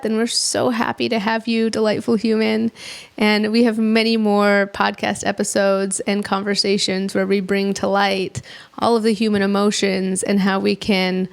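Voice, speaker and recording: A woman's voice: mid-range voice, vocal fry. A woman, a therapist hosting her channel, gives a reflective reaction commentary and speaks reassuringly, straight to the viewer. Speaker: therapist and coach, host.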